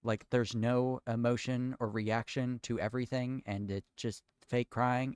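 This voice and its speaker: A man's voice: medium pitch, flat delivery, a little slow, darkish tone, smooth, dry recording, studio quality. A man chatting casually while building, ranting at length with restarts and swearing. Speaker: streamer.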